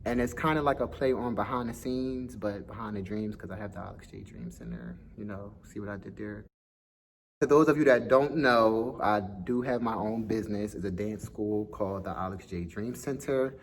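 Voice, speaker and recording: A man's voice: lowish voice, normal speed, creaky, slight background noise. Chatty young man with a slight lisp. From Philadelphia. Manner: chatty, self-conscious, laughs easily. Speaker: vlogger, dance school owner. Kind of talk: casual vlog to camera.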